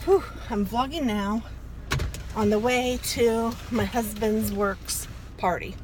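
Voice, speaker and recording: A woman's voice: a little high, fairly even intonation, takes it slowly, a little mellow. A middle-aged woman vlogging casually from her car as she drives, chatty, flustered and self-deprecating, talking into a phone on a gooseneck holder. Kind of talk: casual driving vlog. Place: inside a car while driving. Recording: car noise behind her.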